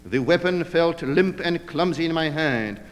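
A man narrating an audiobook in a measured, literary storytelling manner. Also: a little high, lively intonation, long reverb tail.

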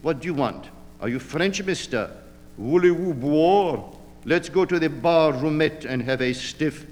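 Reading an audiobook, a man with a fairly high, expressive, slightly mellow voice voices a drunken, blustering character who drawls in an oddly feminine way, rambling, mocking and evasive. He keeps a measured pace, and the recording sounds like a large hall.

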